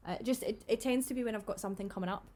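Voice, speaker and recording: A woman's voice: medium pitch, rapid-fire, mellow. A Scottish woman co-hosting a podcast, chatting casually in a rambling way and laughing often. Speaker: podcast co-host. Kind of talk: casual chat.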